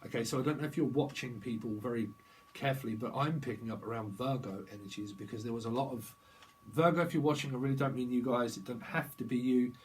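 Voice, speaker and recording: A man's voice: medium pitch, fast, a little hiss or hum, rough recording. A man giving a rambling psychic tarot reading, free-associating through wordplay and laughing at his own jokes. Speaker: tarot reader.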